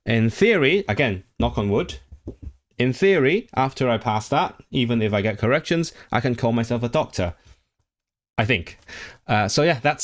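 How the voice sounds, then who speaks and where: Hong kong guy in his 30s chatting on stream, reads chat out loud, lots of restarts and tangents. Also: mid-range voice. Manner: rambling, reads chat aloud, many restarts. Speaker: livestream host. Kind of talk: casual livestream chat.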